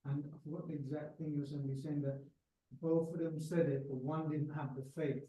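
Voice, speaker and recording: A man's voice: fairly high pitch, level tone, a little fast, mellow. A male student asking the teacher a question from the class audience. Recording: echoey room, far from mic.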